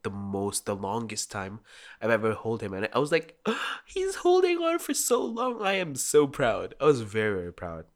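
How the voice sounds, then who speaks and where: Rambling young man, lowish voice. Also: fairly bright tone. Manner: rambling, heavy use of "like", laughs often. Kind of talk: casual rambling chat.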